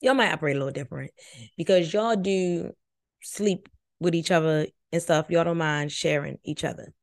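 A woman's voice: sits low, normal speed, creaky. A woman hosting a podcast, giving casual, brash and profane commentary on a reality show, sleepy late at night.

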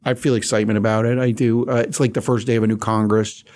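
A man, a veteran political reporter, recounting memories in a halting, anecdotal way with many fillers. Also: lowish voice, little pitch movement, darkish tone. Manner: anecdotal, halting, lots of "you know". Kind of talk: interview storytelling.

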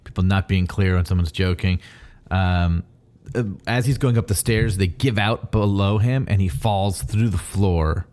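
A man with a very low voice in casual podcast chat, filling in comic history and trivia between his co-host's retellings. He talks loosely, with plenty of fillers. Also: unhurried, a little mellow. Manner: adds fan background and trivia, with frequent fillers. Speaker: podcast co-host.

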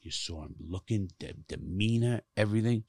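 A man's voice: fairly low pitch, moderate pace, gravelly, darkish tone, dry recording. A middle-aged man telling stories from his life in casual conversation, blunt and emphatic, cursing often to stress his points. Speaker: guest, former prisoner who speaks to youth.

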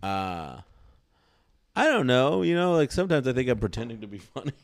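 A man's voice: medium pitch, very animated, brisk, no echo, clean studio sound. A man from Texas with a slight drawl, a comedian chatting casually and rambling with lots of "like" and "you know". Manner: rambling, full of "like" and "you know", self-doubting. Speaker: comedian and podcast co-host. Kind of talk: casual chat.

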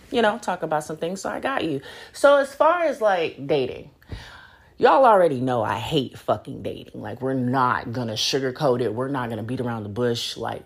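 A young adult woman hosting a solo podcast, talking in a blunt, profane and animated way. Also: very deep voice, gravelly, husky. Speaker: podcast host. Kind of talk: casual solo podcast rant.

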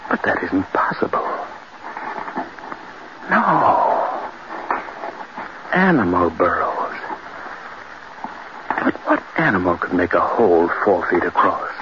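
Tormented, guilt-ridden man in 1940s radio drama; slow, lurching delivery, muffled vintage recording with heavy hiss. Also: low voice, sing-song, full character voice. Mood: tense. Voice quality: strained, breaking into anguished cries. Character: guilt-stricken man, frantic and unhinged with horror. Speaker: Charles Prentice, a man haunted by his wife's death.

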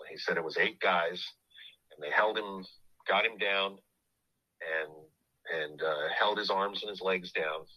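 A middle-aged man hosting a podcast, telling a family story in a halting, casual way full of restarts. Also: deep voice, dull audio.

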